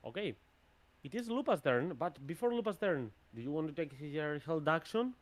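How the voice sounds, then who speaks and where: A man running a tabletop game as game master, thinking aloud in a plain, even way. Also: a little high, normal speed.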